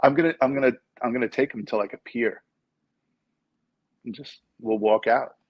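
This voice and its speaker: A man's voice: medium pitch, normal speed, no echo, dull audio. A middle-aged man calling in as a guest, joking and laughing as he tells a story. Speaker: guest caller. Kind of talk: casual chat on a video call.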